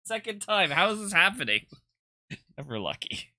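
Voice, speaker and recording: A man streaming a horror game, excitable, shouting battle cries and laughing as he plays. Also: sits high, normal speed. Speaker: gaming streamer. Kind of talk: playing and commenting on a horror game. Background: game music.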